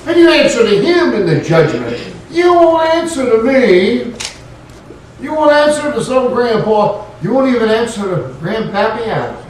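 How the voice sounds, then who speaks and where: A man's voice: sits high, a little mellow, slight background noise. A man preaching a sermon in a folksy way, rising to emphatic points. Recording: echoey room, voice from far off.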